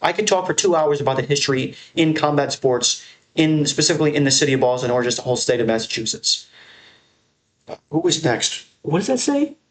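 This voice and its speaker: A young American man rambles through a tier list in a loose, excitable way, swearing freely as he goes. His voice sits at an ordinary middle pitch and jumps higher when he gets worked up. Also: fairly quick. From American Northeast. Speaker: MMA content creator. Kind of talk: casual tier-list commentary.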